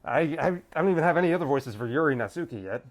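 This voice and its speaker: A man's voice: on the high side, animated, racing. A man playing through a visual novel, reading it aloud and making jokey, self-aware asides. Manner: jokey, self-aware, laughing between lines. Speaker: let's play gamer.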